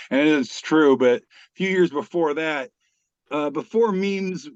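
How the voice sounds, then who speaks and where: A man's voice: mid-range voice, no echo. Joking podcast host man, dull dry sound. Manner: swearing, joking, reads posts aloud. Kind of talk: casual comedic chat.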